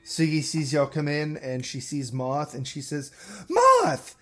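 A man casually narrating a tabletop game as game master, with a relaxed manner. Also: fairly high pitch, faint music behind. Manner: casual, laughing, unhurried narration.

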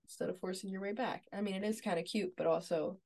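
On a podcast she co-hosts, a woman casually retells a TV episode scene by scene, agreeing readily and peppering her speech with "like" and "yeah." Her medium-pitched voice is gravelly, a little mellow, and steady, and she talks quickly.

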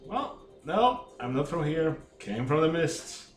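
A man voicing a relaxed male doctor from elsewhere, speaking plainly and casually. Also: a little high, slow pace, far from the mic, voice pushed up. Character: easygoing male doctor, outsider adventurer. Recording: echoey room with faint music.

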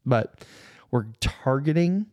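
A man's voice: medium pitch, lively intonation, takes it slowly, warm tone, no room sound, studio quality. A man co-hosting a podcast, telling rambling stories in casual chat, swearing and laughing often. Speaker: podcast co-host.

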